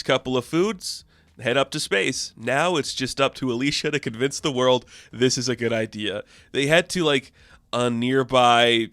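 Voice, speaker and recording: A man casually recapping a comic book issue, chatty and excitable, with lots of fillers and laughs. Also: mid-range voice, no echo.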